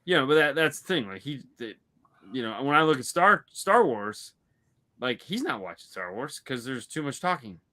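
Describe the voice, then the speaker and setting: A man's voice: mid-range voice, big pitch swings, moderate pace, pushed and bright. A man co-hosting a podcast, chatting casually about movies and telling rambling stories with lots of restarts. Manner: rambling, full of restarts and storytelling. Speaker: podcast co-host. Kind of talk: casual movie-review chat.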